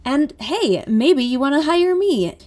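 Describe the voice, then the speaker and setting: A woman's voice: very animated, takes it slowly, a little mellow. A woman reading an upbeat, chatty voiceover ad for her own editing work. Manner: upbeat, chatty sales pitch. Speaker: freelance editor. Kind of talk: ad read voiceover.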